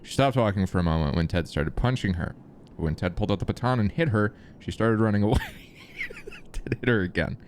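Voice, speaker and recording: A man's voice: lowish voice, wildly swooping pitch, brisk, background noise. Guy streaming cop roleplay, laughs a lot, swears, voice bounces up and down. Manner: laughs often, swears, loose and joking. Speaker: streamer playing a police chief. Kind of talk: casual roleplay chat.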